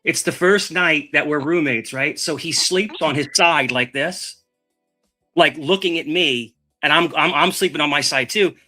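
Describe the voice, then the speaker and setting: Casting: talkative man, fairly high bright voice, rambling anecdote style, faint music underneath. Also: measured pace. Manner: rambling, animated, swears, repeats words. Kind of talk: casual storytelling chat.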